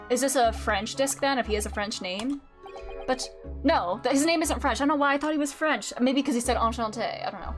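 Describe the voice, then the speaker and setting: A woman's voice: sits high, brisk. A woman streaming a video game, chatting casually, laughing often and swearing freely. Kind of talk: casual gameplay commentary. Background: faint game music.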